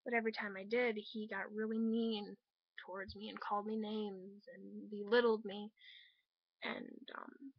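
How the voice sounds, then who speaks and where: A young woman telling a personal breakup story, halting and hurt, leaning on fillers as she talks. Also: medium pitch, little pitch movement, creaky, slightly rough, no echo. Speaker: vlogger. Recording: dull, dry home recording.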